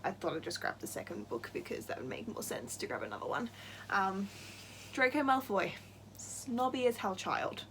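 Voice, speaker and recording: A young woman chatting casually in a book-tag vlog, gushing and quick to get worked up, laughing often. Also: medium pitch, big pitch swings, a bit bright, a little hiss or hum. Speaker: book vlogger.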